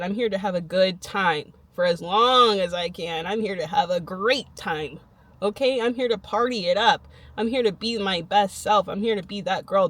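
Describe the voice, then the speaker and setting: A woman's voice: mid-range voice, no room sound. Emphatic young woman vlogger. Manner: emphatic, repetitive, laughs often. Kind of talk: motivational self-talk to camera.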